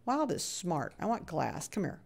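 A woman's voice: on the low side, big pitch swings, moderate pace, vocal fry. A middle-aged woman streaming a block-building game, chatting casually, reading chat aloud and sounding playfully exasperated.

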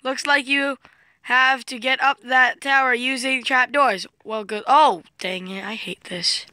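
A woman's voice: high-pitched, fairly even intonation, unhurried, sharp tone, dry recording. A woman chatting casually while playing a game with a friend, playful and teasing, breaking into shrieks and laughter. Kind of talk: casual gameplay commentary.

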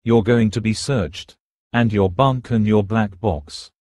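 A man's voice: fairly low pitch, slow, a little mellow, no echo. A man voicing a stern American officer. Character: American officer, commanding, dry, impatient. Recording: dry close studio recording.

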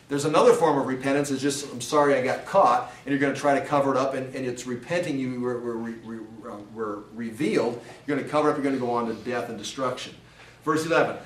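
A man's voice: mid-range voice, fairly quick. Earnest male Bible teacher, echoey room. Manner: reads scripture aloud then explains it in blunt everyday paraphrase; earnest and emphatic. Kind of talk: Bible study lecture. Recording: echoey room, mic at a distance.

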